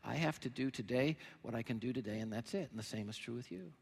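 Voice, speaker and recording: A man preaching a sermon as pastor, animated, swinging between loud emphatic lines and quiet, low ones. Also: quick pace, vocal fry, slightly rough, long reverb tail.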